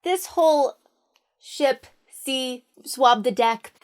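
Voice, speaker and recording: A woman's voice: high voice, very slow. Cocky young male hero, casual bravado, put on by a woman storyteller. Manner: breezy slangy swagger.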